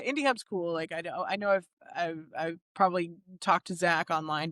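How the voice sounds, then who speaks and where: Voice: mid-range voice, normal speed, hardly any pauses, sharp tone, no room sound. A podcast host in their forties from the San Francisco Bay Area, talking enthusiastically and rambling with many restarts in casual chat.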